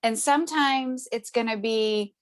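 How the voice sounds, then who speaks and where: A woman's voice: a little high, measured pace. A woman as an interview guest, telling a story in a chatty way, full of tag questions and fillers, who laughs often and acts out the voices she quotes. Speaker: interview guest, essential oils seller. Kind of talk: casual conversational storytelling.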